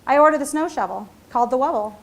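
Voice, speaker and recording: A middle-aged woman entrepreneur and CEO gives a storytelling keynote at a seminar, speaking fast in a high-pitched, expressive voice with vocal fry. Her story is chatty and self-mocking, and she laughs often and keeps tossing in "right?".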